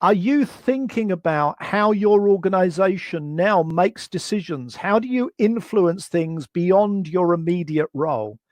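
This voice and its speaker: High-voiced man giving a webinar. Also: expressive, a little slow, few pauses, darkish tone, no room sound. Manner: structured, rhetorical questions to the audience. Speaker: webinar presenter. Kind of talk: webinar presentation.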